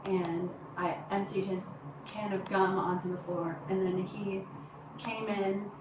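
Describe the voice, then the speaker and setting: Distant woman on bodycam audio, halting. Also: mid-range voice, level tone, echoey room, background noise. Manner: halting, rambling, many fillers. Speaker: complainant reporting to police. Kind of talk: recounting an incident to police. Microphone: body-worn camera.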